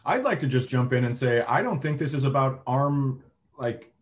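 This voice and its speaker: Male podcast co-host, wry banter, mid-pitched everyday voice. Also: expressive, moderate pace. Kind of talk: casual chat.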